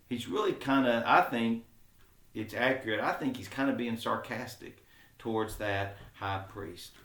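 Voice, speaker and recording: Man, Bible study teacher, mid-pitched voice, casual explaining, echoey church room. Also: unhurried, fairly bright tone. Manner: informal, explains aloud with many fillers; acts out quoted speech with sarcasm. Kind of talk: conversational Bible lesson. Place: church classroom. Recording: roomy echo.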